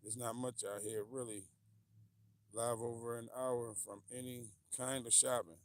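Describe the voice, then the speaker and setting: A gravelly man with rambles through a casual livestream, animated and easily sidetracked, laughing as he reads viewer comments. His voice is dry and close to the mic, with no room sound. It sits at an ordinary pitch for a man. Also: a little slow, no echo. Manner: rambling and animated, loses his train of thought, laughs often. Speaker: livestream host.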